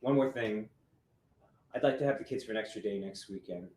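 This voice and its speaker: A man playing an insistent divorced father who is quick to anger, in acted drama dialogue. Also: lowish voice, darkish tone, natural voice. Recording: roomy with faint noise.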